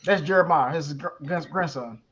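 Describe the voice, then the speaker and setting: A man's voice: on the high side, normal speed, fairly bright tone. A man co-hosting a casual sports radio show, hyping the sponsor and chuckling along with his co-host. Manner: laid-back, eager hype, chuckles, fills in names. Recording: dull lo-fi sound.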